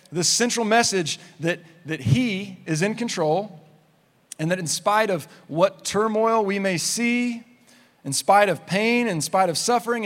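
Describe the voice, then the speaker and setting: Upbeat guy preaching, slightly high voice, joking around, big echoey church. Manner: energetic, conversational, playful asides. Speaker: pastor. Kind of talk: sermon. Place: church sanctuary. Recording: long hall reverb.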